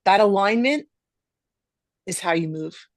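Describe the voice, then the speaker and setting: A woman's voice: mid-range voice, lively intonation, measured pace, no echo. Middle-aged female podcast host, emphatic delivery, dry close-miked sound. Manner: emphatic, stresses words. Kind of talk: casual podcast conversation.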